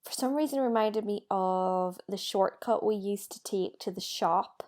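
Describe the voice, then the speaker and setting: A woman's voice: mid-range voice, moderate pace, a little mellow. Chatty woman co-hosting a podcast. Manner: chatty, laughing storyteller with many fillers. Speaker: podcast co-host. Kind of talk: casual chat.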